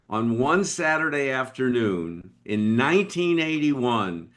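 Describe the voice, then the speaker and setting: Casting: older man in his sixties, a business guest telling a story in an interview, animated, with a middle-pitched voice and big swings.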